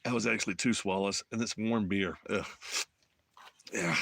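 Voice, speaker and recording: A motorcycle travel vlogger from Alabama chats with viewers on an outdoor phone live stream in the mountains, rambling in a folksy Southern way. His voice is fairly low and creaky with a fairly bright tone, and he talks at a moderate pace. A slight hiss or hum sits under the audio.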